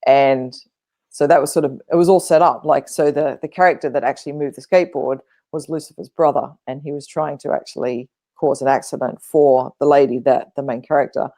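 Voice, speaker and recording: A woman's voice: extremely low pitch, fairly even intonation, brisk, dark tone, dry recording. A woman co-hosting a podcast, telling stories in a rambling, casual way with many fillers. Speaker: podcast co-host. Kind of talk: casual spiritual chat.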